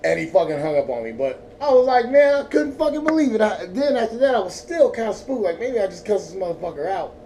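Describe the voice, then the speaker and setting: A man's voice: high voice, very animated, quick pace, few pauses, warm tone. A man from Northern California's Central Valley, stoned, telling a profane, rambling story in a laid-back vlog. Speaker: vlogger. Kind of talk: casual storytelling. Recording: distant mic, faint background noise.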